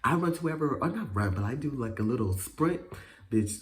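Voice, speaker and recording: A man telling a story in a casual vlog, animated and profane, full of slang and fillers, jumping into high voices to act out quotes. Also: fairly quick. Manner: acts out quotes with sudden high pitch jumps.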